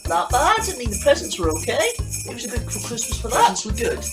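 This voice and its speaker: A woman's voice: on the high side, wildly swooping pitch, fast. A woman voicing a grumpy woman who moans and complains sarcastically about her Christmas. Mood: grumbling. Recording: roomy sound with music behind.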